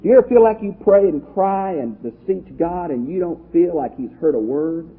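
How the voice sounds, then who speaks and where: Husky-voiced man teaching Bible study. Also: on the high side, moderate pace. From Texas. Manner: lively, conversational, asks the class questions. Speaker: pastor teacher. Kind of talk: Bible study lecture to a live class. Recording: tinny lo-fi phone-like audio.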